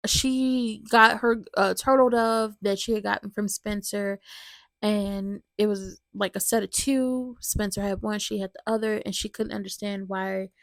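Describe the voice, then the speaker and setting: A woman hosting a casual soap opera recap, chatty and animated, talking straight to her viewers. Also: mid-range voice, unhurried, vocal fry, no echo.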